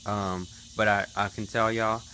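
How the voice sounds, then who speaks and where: A man's voice: fairly low pitch, little pitch movement, a little slow, sharp tone, a little hiss or hum. A man in his thirties chatting casually to his viewers in a vlog recap. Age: 30s. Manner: chatty, talks straight to viewers. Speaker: vlogger.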